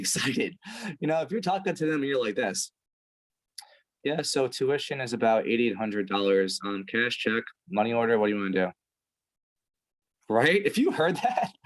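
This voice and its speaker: Man, sales coach, blunt, swears a lot, acts out scenes, husky, lively pitch. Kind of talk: coaching talk to a sales team.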